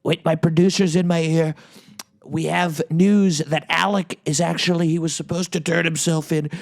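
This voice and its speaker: A man's voice: a little high, flat delivery, normal speed, gravelly. A man doing a comedic impression of a boastful former president hosting a podcast, rambling and repeating himself. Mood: blustering.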